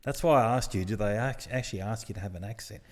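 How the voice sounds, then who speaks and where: Brief: blunt male co-host, low-ish voice, long reverb. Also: fast, a little mellow. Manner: blunt, colloquial. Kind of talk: casual chat.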